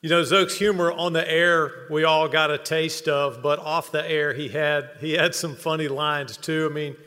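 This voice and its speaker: Man telling funny stories at an induction, bright tone, echoing hall. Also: on the high side, fairly even intonation, moderate pace. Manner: humorous storytelling, builds to earnest close. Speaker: speaker at hall of fame induction. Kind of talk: ceremony tribute speech with anecdotes. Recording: long reverb of a banquet hall.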